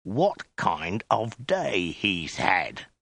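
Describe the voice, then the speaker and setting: A man's voice: lowish voice, measured pace, gravelly, a bit bright, breathy edge, no echo, full character voice. A man voicing a brutal Mongol soldier who barks and hisses his orders. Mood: harsh. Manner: barking, hissing.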